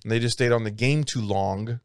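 Man, 30s, casual storyteller, profane, animated, acts out voices, dry close sound. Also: mid-range voice, a little fast, dry recording.

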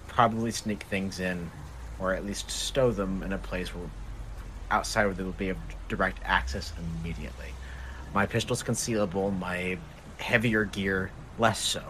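A man's voice: low voice, steady tone, normal speed, a bit bright, a little hiss or hum. A man playing a tabletop game, planning aloud and stammering over restarts. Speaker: player. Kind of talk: tabletop role-play chat.

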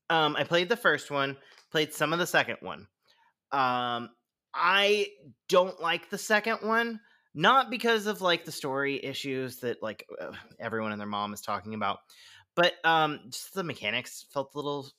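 A man's voice: mid-range voice, pushed and bright. A man co-hosting a podcast, chatting casually, often laughing and using many fillers. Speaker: podcast co-host. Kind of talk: casual chat.

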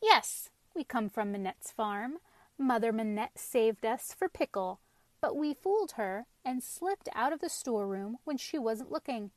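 A woman's voice: a little high, lively intonation, unhurried, no room sound. A woman reading aloud and voicing a very stout male talking cabbage who is out of breath and chatty. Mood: breathless.

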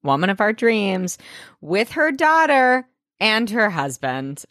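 A woman's voice: mid-range voice, sing-song, slow, a bit bright, dry recording, studio quality. A woman co-hosting a podcast, recapping a TV episode in casual chat and reacting with emphatic groans and agreement. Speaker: podcast co-host.

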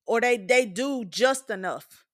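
A woman's voice: on the high side, expressive, a little slow, a bit bright. Blunt, profane woman in her twenties. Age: 20s. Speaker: podcast host. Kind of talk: candid opinion monologue.

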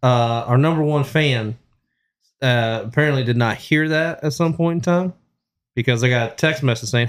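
A man's voice: medium pitch, normal speed, clear, resonant tone. A man hosting a podcast in casual, teasing chat. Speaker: podcast host.

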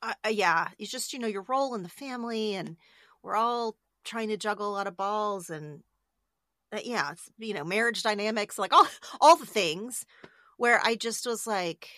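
Middle-aged woman guest, bright tense voice, dry close sound, open and emotional. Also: medium pitch, lively intonation, normal speed, no echo. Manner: candid, emotional, with many restarts. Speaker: podcast host being interviewed. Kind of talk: casual conversation.

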